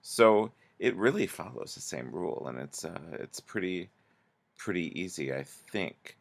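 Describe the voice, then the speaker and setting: A man with a very low, gravelly voice walks through a grammar lesson. He talks slowly and patiently, pausing often and restarting his sentences as he explains each example. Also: lively intonation. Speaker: teacher.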